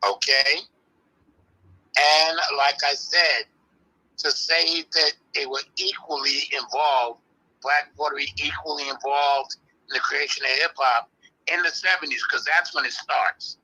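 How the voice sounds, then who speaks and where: An older man, calmly and firmly explaining history as an interview guest. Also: on the high side, slightly rough, low-quality recording. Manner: firm, measured, explaining insistently. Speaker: interview guest, early hip-hop practitioner. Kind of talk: live online interview.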